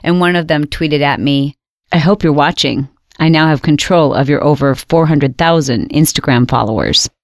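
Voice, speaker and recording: A woman host telling her own story with dramatic storytelling, reliving her panic with sudden high exclaimed outbursts. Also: moderate pace, no room sound, clean studio sound. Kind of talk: dramatic first-person storytelling.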